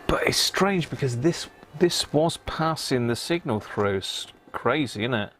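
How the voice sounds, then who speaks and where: A chatty man hosts a relaxed live stream from his electronics workbench. His voice sits at an ordinary pitch, and he talks to his viewers while muttering over the parts he tests. A faint noise hangs behind him. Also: unhurried, few pauses. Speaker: live-stream host repairing a vintage radio. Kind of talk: casual live-stream chat while working.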